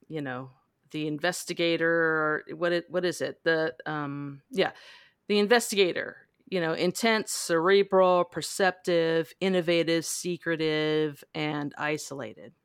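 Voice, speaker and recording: A woman hosting a casual book discussion, talking in a halting way with lots of fillers. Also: low voice, fairly even intonation, smooth, no echo, clean studio sound. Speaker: podcast host. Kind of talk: casual book-club chat.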